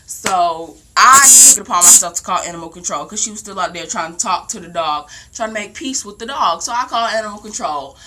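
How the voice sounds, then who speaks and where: A young woman casually telling a long story at home, rambling and animated, with lots of "like". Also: medium pitch, fairly quick, few pauses, heavy background noise. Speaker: vlogger. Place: home, indoors.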